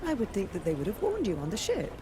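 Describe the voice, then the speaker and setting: A woman's voice: medium pitch, wildly swooping pitch, quick pace. An actress playing a polite, formal noblewoman who is the outgoing governor. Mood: courteous. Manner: courteous, formal. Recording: game audio with loud ambient noise.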